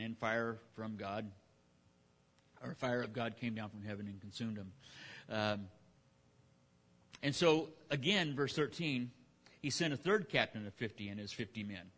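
A man's voice: medium pitch, moderate pace, pauses often, fairly bright tone, long reverb tail. A man preaching a conversational sermon in a folksy way, acting out the characters' lines. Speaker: pastor.

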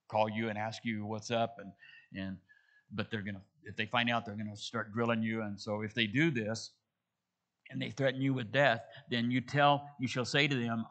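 This pastor's expository sermon mixes scripture readings with casual, everyday retellings, with frequent restarts along the way. He speaks at normal speed in a mid-range, pushed, bright voice with fairly even intonation.

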